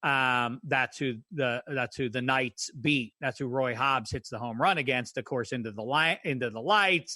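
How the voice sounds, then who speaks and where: Bright-voiced wry man, dry sound. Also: medium pitch, no echo. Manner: wry, digressive film talk. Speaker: podcast co-host. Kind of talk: casual chat.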